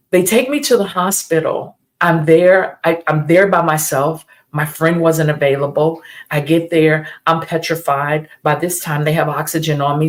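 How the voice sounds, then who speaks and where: Earnest middle-aged woman telling her story. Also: low-pitched. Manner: earnest and emphatic, repeats key phrases. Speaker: host of a live stream. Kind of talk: emotional personal storytelling on a live stream.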